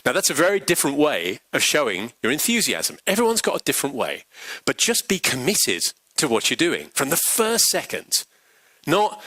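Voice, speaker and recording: A man giving a pitch coaching workshop, animated and acting out example quotes. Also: moderate pace, dry recording, rough recording. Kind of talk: workshop talk. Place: large workshop venue.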